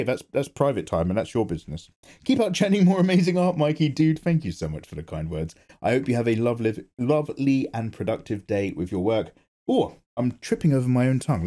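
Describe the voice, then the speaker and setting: A man's voice: medium pitch, warm tone. A man hosting his own art channel, reading viewer comments in casual chat while drawing, playful and self-mocking. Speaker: artist and channel host.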